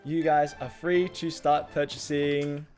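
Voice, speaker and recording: A man's voice: fairly high pitch, little pitch movement, a little slow, darkish tone, faint music behind. An Australian man hosting and narrating a gaming video in a playful, theatrical way. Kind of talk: scripted comedic narration.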